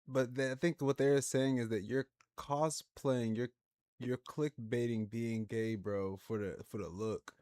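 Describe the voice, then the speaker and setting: A man hosting a livestream, reacting to clips in casual, slangy, animated commentary. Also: mid-range voice, a little slow, no room sound.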